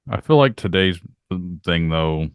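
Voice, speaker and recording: A man's voice: low voice, animated, unhurried, smooth, no room sound. A man hosting a podcast, giving his opinions in a casual, griping way. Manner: opinionated, complaining tone. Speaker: podcast host. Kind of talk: casual conversation.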